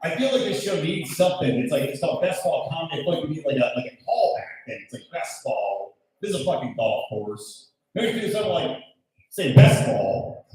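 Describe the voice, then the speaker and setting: A man in his thirties does loud, brash stand-up comedy and keeps working the crowd. His voice swings up and down, and he sits a little high for a man. The live mic sounds far off and the room booms with echo. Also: expressive, fast. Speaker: stand-up comedian hosting the show. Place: comedy show in a golf club venue. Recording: echoey room, mic heard from afar.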